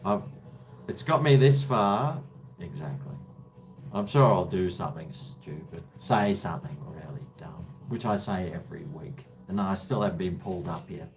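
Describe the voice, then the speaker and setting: Chatty man with a low voice. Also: animated, moderate pace, soft background music. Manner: chatty, jokey, says "mate" a lot. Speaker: live stream host. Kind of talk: casual live stream chat.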